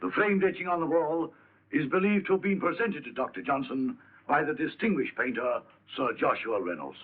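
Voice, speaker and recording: A man's voice: a little high, animated, normal speed, breathy edge. An actor playing a fussy male museum tour guide, reciting to visitors like a showman. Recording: tinny old film soundtrack with faint noise.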